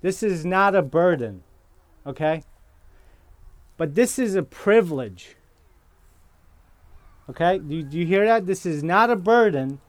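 A man preaching a sermon as pastor, slow and deliberate, often checking in with his listeners by asking "okay?". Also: sits high, lively intonation, no room sound.

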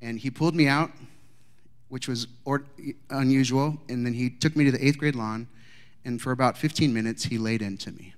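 A middle-aged man giving a sermon, telling a story and moving between quiet asides and raised, emphatic lines. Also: mid-range voice, moderate pace. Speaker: pastor.

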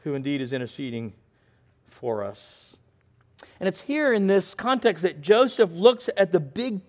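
A male pastor preaching a sermon in an earnest way, moving between quiet, thoughtful passages and emphatic ones. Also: sits high.

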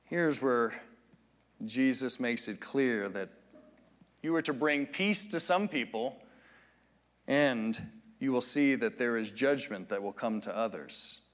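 A man preaching a sermon, teaching in a measured, reflective way with frequent restarts. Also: medium pitch, expressive, a bit bright. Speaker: pastor.

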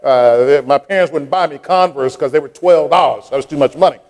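Middle-aged man, pastor, lively sermon storytelling, fairly high voice. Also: fairly quick. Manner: animated, rising to preaching fervor.

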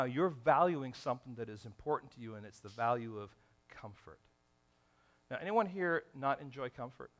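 A man preaching a sermon in a church, animated and acting out everyday scenarios in different voices. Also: medium pitch. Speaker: pastor.

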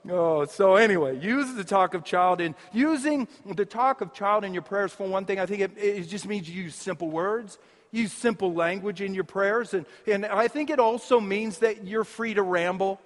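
A high-voiced man preaches with lively, joking energy and laughs often between his points. His voice carries a long reverb, as if he is speaking in a large hall. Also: normal speed. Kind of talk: sermon.

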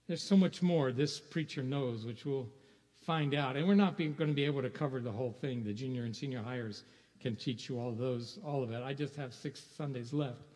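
A pastor preaches a sermon conversationally in a church sanctuary, asking rhetorical questions and chuckling now and then. His medium-pitched voice is fairly quick with a darkish tone, and the recording carries a long hall reverb.

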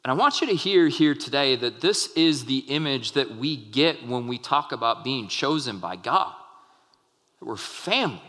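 A man's voice: mid-range voice, animated, moderate pace, a bit bright. Man preaching in a reverberant hall. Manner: conversational storytelling with many fillers and restarts. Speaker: pastor. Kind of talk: sermon.

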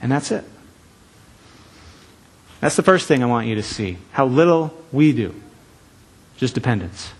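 A man preaching a sermon in an earnest, emphatic way, slowing down to stress key phrases. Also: mid-range voice, lively intonation, a little hiss or hum.

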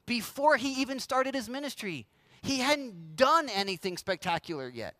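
A male pastor with a high, bright voice delivers a sermon in a loose, conversational way. He slips into little acted-out voices for the people he quotes. The sound is close and dry. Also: animated, moderate pace, no room sound.

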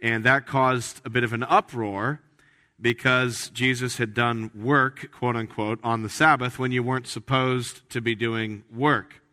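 A man preaching a sermon as pastor, emphatic and animated, with frequent restarts. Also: mid-range voice, measured pace. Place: church sanctuary. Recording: reverberant church hall.

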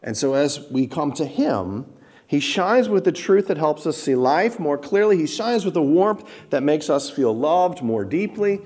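A pastor with a fairly high, very animated voice preaches a little slowly, staying emphatic and direct. He poses rhetorical questions to the congregation and builds up to loud, repeated stresses.

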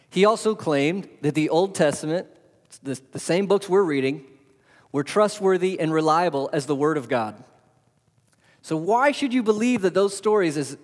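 A man preaching a sermon as pastor, asking rhetorical questions and swinging between loud and soft. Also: a little high. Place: church hall. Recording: long hall reverb.

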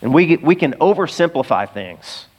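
With an energetic, conversational manner, a middle-aged pastor preaches and makes asides to the congregation. His pitch is fairly high and his pace moderate.

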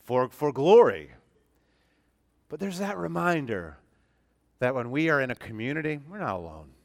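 A man's voice: medium pitch, big pitch swings, moderate pace, creaky. A man preaching a sermon as pastor, talking in a conversational way that turns earnest and emphatic, with frequent restarts and repeated phrases. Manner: earnest and emphatic, stressing key words.

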